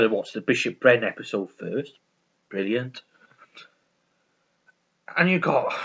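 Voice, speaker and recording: On dull audio, the video host talks in a medium-pitched, slightly bright voice. He gushes casually about a comedy he loves, saying things more than once and cursing without restraint.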